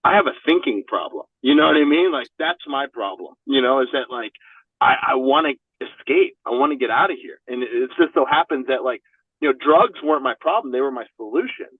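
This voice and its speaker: A man's voice: mid-range voice, a little fast, slightly rough, dry recording. A man speaking as a podcast guest in a casual, candid chat, swearing often and leaning on fillers like "you know what I mean". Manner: profane, filler-heavy, 'you know what I mean'. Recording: dry, phone-like narrow sound.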